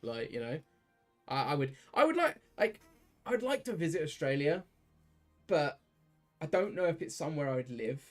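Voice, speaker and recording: A man's voice: on the high side, very animated, moderate pace, pauses often. Young British man, British accent, rambling casual talk, faint music behind. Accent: British English. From Britain. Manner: rambling, talks to chat, many restarts. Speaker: streamer. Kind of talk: casual chat while gaming.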